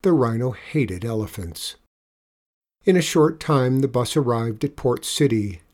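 A man narrating a children's storybook aloud in a gentle, measured way. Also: medium pitch, lively intonation. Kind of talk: storybook reading.

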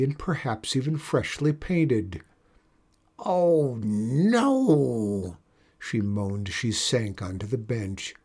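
A man reading a children's story aloud in an expressive storytelling manner. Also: medium pitch, breathy edge.

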